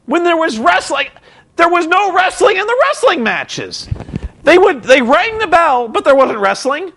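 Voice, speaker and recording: A man's voice: very high-pitched, sing-song, a little slow, fairly bright tone, a little hiss or hum. A young man recapping a show in a rambling, incredulous, sarcastic way. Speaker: vlogger.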